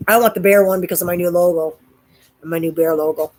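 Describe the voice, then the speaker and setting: A woman's voice: fairly low pitch, fairly even intonation, fairly quick, darkish tone, rough recording. A woman with a Canadian accent chatting casually to her viewers on a live stream, rambling and often addressing them directly. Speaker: vlogger.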